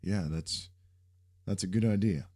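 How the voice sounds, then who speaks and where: A man's voice: low voice, measured pace, warm tone. A man voicing an earnest young male superhero who speaks in an insistent, encouraging way.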